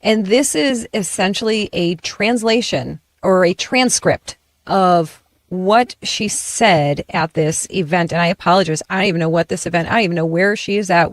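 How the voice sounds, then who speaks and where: A woman hosting a political commentary chat show, talking in an animated way and often stopping to restart her sentences. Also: on the low side, normal speed, dry recording. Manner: animated, self-interrupting, frequent restarts. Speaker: host.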